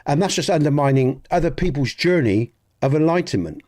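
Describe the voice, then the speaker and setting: This Dorset-accented streamer from England talks to his livestream audience while gaming, earnest and meandering, frequently starting over and letting out mild swears. His voice sits a bit high, with lively intonation and a fairly quick pace, slightly mellow, over a faint hiss or hum.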